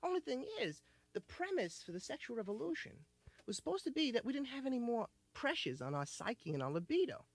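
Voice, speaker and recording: Rambling young stand-up comic, lively pitch. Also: male voice, a little fast, dry recording. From United States. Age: 20s. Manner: rambling, riffing with many "you know"s. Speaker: stand-up comedian. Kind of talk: stand-up comedy. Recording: noisy vintage vinyl album.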